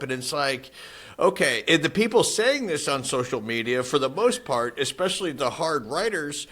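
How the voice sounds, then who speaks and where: A man's voice: a little high, lively intonation, moderate pace, fairly bright tone. Skeptical man in casual podcast talk. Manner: skeptical, rambling with restarts. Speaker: podcast co-host. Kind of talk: casual political chat.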